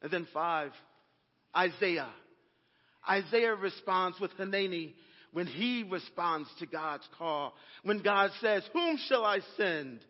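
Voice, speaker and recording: A pastor preaches a sermon and calls out to his congregation for answers. His voice sits high for a man. The recording is dull and muffled, with a long church echo behind him. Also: slow. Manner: preaching with call-and-response asides to the congregation. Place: church sanctuary.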